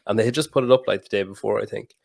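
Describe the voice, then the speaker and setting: A man hosting a podcast, telling a story with animated quoted dialogue and plenty of swearing. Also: fairly low pitch, very fast, creaky. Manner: animated anecdote-telling, swears freely, mimics people in quotes. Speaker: podcast host. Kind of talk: casual podcast conversation, storytelling.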